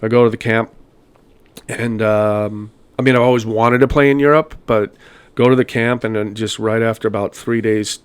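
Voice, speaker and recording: Lower-voiced man telling stories. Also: steady tone, moderate pace, clear, resonant tone. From United States. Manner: rambling anecdotal storytelling. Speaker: podcast guest, former goalkeeper. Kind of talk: casual interview chat.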